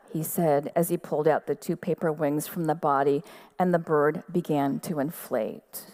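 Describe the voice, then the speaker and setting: A woman giving a measured, quiet literary reading of her own fiction at an outdoor festival stage. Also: lowish voice.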